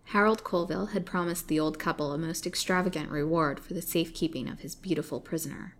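Woman reading a storybook aloud. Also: fairly low pitch. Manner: expressive, dramatic reading. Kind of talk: reading a serialized novel aloud.

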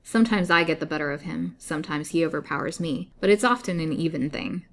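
A curt, acid-tongued old jailer woman, as a woman reader puts her on. She snaps out her lines with grim spite. The voice sits low. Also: fast, a bit bright. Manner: curt, snapping. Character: sharp-tempered, vicious old female jailer.

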